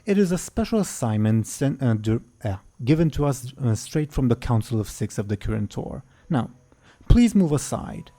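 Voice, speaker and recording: A man's voice: mid-range voice, sing-song, normal speed, warm tone, pitched above the performer's own voice. A man voicing a proud, haughty female archmage in a tabletop game, with a formal, commanding way of speaking. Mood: impatient.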